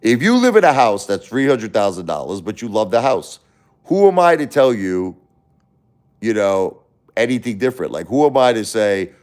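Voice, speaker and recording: A man's voice: lowish voice, sing-song, moderate pace, a little mellow. Blunt New man ranting on livestream. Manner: blunt, repetitive, confrontational, addresses chat by name. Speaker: livestream host. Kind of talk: casual livestream rant to chat.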